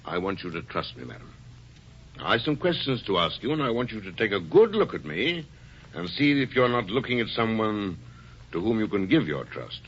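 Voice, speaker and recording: An actor playing a shrewd, probing police detective. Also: male voice, fairly low pitch, normal speed, breathy edge, exaggerated voice. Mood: reassuring. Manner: calm, probing and dryly amused. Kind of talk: 1940s radio acting. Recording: dull old radio broadcast.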